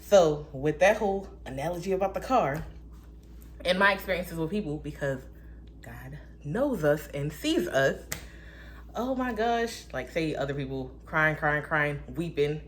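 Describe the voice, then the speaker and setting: A young woman vlogging a casual faith monologue, candid and profane, with animated asides and quick voice-switching quotes. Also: sits low, slight background noise.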